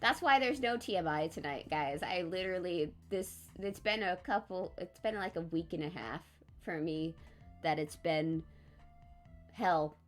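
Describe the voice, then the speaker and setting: A tired woman streaming live, chatting casually in a rambling, low-key monotone. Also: a little slow, soft background music.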